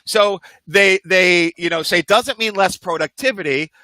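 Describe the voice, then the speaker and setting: A man co-hosting a podcast in casual chat, animated and firing off rhetorical questions. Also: high-pitched, moderate pace, no room sound. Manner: animated, jumps between topics with rhetorical questions. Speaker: podcast co-host.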